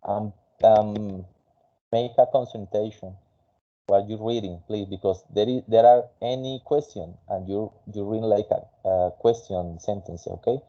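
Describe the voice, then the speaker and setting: A man with a lowish voice runs an English lesson, patient and encouraging, stopping often with "uh" and "okay?" to correct his student. The audio is dull and lo-fi, like a call recording. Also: measured pace. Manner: patient, coaching, many fillers. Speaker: English teacher. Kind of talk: online English class.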